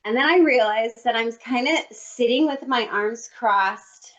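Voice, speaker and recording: Female co-host with a higher voice, comic storyteller acting out her thoughts, dull lo-fi call audio. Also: a little slow, a bit bright. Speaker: podcast co-host. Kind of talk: casual chat. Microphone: computer microphone on a video call.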